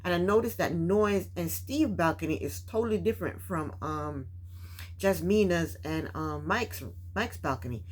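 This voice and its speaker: A woman's voice: fairly low pitch, moderate pace. Woman host, casual recap chatter, blunt and opinionated. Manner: opinionated, chatty, rhetorical asides to the cast.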